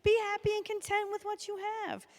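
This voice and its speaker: A woman's voice: very high-pitched, steady tone, brisk, gravelly. A woman on school staff addressing young children at an assembly in an upbeat, encouraging manner.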